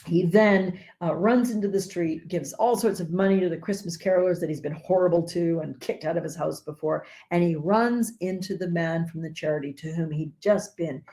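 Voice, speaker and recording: A woman, a Buddhist teacher, giving a dharma talk with animated, earnest storytelling. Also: lowish voice, moderate pace, hardly any pauses.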